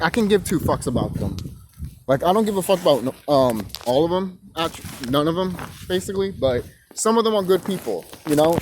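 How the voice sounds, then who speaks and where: Young male vlogger with a high, lively voice; profane, rambling rant. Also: noisy background. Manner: rambling, cursing, repeating himself.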